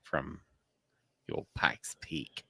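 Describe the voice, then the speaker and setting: A man's voice: slow, pushed and bright, dry recording. A man co-hosting a hunting podcast, joking crudely and reading the outro. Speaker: podcast co-host. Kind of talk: casual podcast banter.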